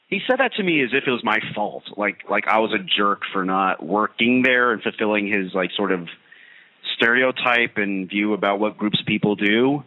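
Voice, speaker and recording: A man's voice: fairly low pitch, brisk. Ranting man on a tinny radio line. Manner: ranting, sarcastic, animated storytelling. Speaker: radio talk show host. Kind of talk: comedic monologue.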